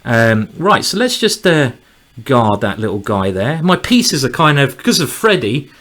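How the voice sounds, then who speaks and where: A man's voice: fairly high pitch, sing-song, moderate pace. Chatty man commentating his chess game. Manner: chatty and rambling, bursting into loud cheers. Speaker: chess streamer. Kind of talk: live chess commentary while playing.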